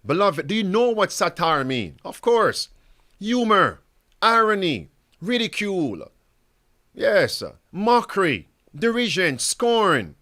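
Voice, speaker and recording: A man with a high voice preaches in an unhurried, deliberate way. He keeps turning to his listeners with pointed rhetorical questions and addresses them as beloved, friends, and brothers and sisters. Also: very animated, sharp tone. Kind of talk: preaching commentary.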